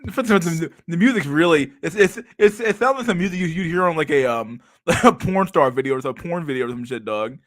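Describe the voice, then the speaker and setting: A man streaming casual reaction commentary, his voice sitting a little high and swinging widely as he laughs and swears through the clips. The sound is dry and close, with soft music playing under him. He talks in crude slang and keeps calling his viewers dog and bro. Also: animated, fairly quick, hardly any pauses, dry recording.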